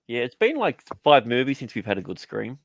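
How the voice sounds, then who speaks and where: Brief: male podcast panelist, easygoing and joking, lively melody, dry sound. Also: mid-range voice, brisk, gravelly, dry recording. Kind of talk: casual live-stream chat.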